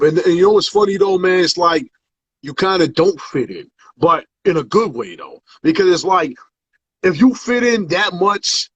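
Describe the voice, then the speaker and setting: A man's voice: a little high, fairly bright tone, slightly rough, dry recording, highs cut off. A man hosting a casual hip hop interview, laid-back and full of slang and fillers. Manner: laid-back slang, many fillers and "you know what I mean". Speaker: interviewer host.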